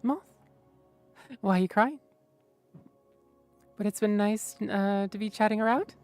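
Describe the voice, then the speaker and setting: A woman's voice: mid-range voice, a little slow, darkish tone, clear, resonant tone, faint music behind. A woman streamer chatting casually with viewers, rambling and mumbling to herself with lots of fillers.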